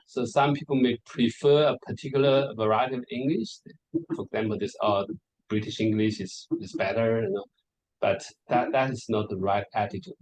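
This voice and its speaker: A man with a mid-range voice lectures to an audience at a conference. He speaks hesitantly, stopping to repeat words and filling the pauses with fillers. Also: mid-range voice, poor audio. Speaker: lecturer presenting on English varieties. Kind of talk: conference presentation.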